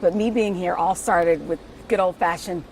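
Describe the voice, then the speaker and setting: A woman from the US Midwest interviewing a guest, chatty and enthusiastic, quick to react. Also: on the low side, steady tone, a little mellow, slight background noise. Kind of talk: friendly interview chat.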